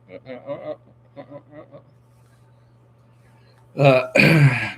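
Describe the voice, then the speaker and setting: A man's voice: mid-range voice, a little slow, vocal fry, long pauses, slight background noise. A man hosting a casual livestream, reading viewer comments aloud with a joking manner, lots of laughs and filler sounds.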